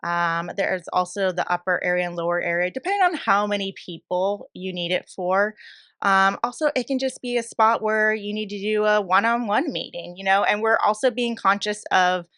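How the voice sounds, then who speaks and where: A bright, forward woman's voice with a smooth, crisp clarity, talking in an upbeat, chatty way as a guest on a podcast. She fills her sentences with easy fillers. The sound is dry and close. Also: medium pitch, moderate pace, no room sound. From Oregon. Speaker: bistro owner, podcast guest. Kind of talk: casual interview chat.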